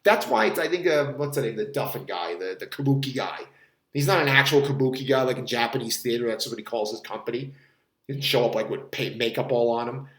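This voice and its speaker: A man's voice: mid-range voice, fairly quick, roomy sound. A man talking as a fitness coach, rambling casually and cursing now and then as he explains and demonstrates a technique. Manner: rambling, swears casually, demonstrates strained voice while bracing.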